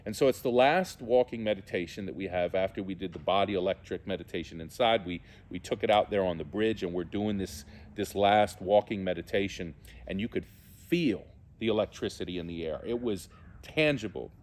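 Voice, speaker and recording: Earnest low-voiced man. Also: a little fast, darkish tone. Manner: earnest and heartfelt, searching for words. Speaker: theologian and musician. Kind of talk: personal spiritual testimony.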